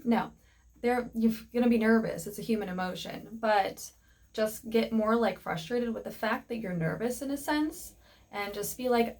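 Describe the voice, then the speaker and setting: A young woman talks straight to her viewers in a relaxed vlog, giving advice as a flight attendant. She rambles warmly, with plenty of fillers, and keeps an encouraging tone. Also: medium pitch, moderate pace.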